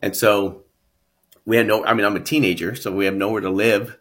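A man with a fairly low voice speaks as a guest in an interview. He recounts his life earnestly and reflectively, repeating words as his thoughts build. Nothing here is acted; it is his own voice, talking plainly. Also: steady tone, fairly quick, a bit bright. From San Antonio, Texas. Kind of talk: personal storytelling interview.

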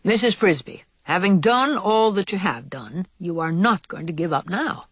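A woman's voice: fairly low pitch, animated, husky, dry recording. A woman playing a kindly old male white mouse. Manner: courteous, measured.

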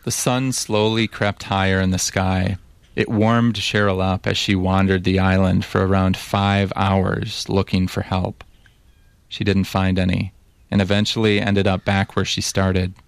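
A man narrating a documentary story as reporter in a measured, even way, also asking interview questions. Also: low-pitched, vocal fry, clean tone, no echo.

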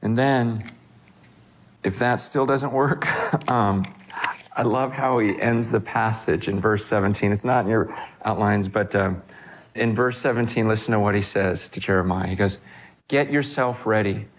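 A middle-aged man, a pastor, preaching a sermon in a lively way, often stumbling and repeating words as he starts a thought. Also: normal speed. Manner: animated, wide pitch swings, repeats words when starting.

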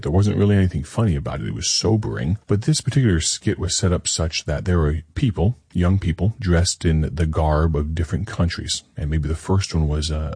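Deep husky guy, an evangelist, chatting earnestly to open his sermon broadcast. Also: darkish tone, dry recording, studio quality. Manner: earnest, conversational storytelling.

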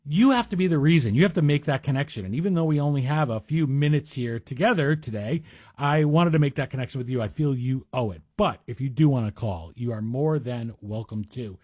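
A man's voice: medium pitch, lively intonation, a little fast, a little mellow, no echo. A middle-aged man guest hosting a talk radio show, chatty and wry, with self-deprecating asides. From Greek heritage. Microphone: studio microphone.

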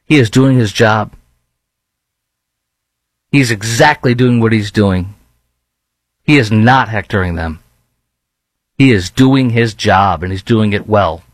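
A man's voice: mid-range voice, no echo. A man with a Chicago accent hosting a commentary show, talking in a heated, blunt and rambling way with frequent restarts. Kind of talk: opinionated commentary.

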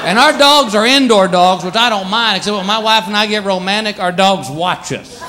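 A married man doing stand-up about his pets, animated, acting out the animals in squeaky voices. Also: fairly quick, noisy background. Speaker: stand-up comedian. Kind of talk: stand-up routine. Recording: live show with loud audience laughter. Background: audience laughter.

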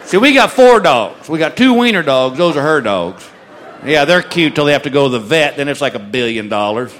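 A man's voice: on the high side, sing-song, fairly quick, a bit bright. A married man performing stand-up, telling stories in a dry way and swooping into character voices. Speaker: stand-up comedian. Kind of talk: stand-up comedy set. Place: comedy club stage with live audience. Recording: live audience recording with crowd noise.

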